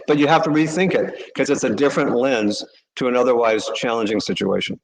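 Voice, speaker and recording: A man, a charity CEO, answering interview questions with earnest, animated storytelling. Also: mid-range voice, fairly quick, rough recording.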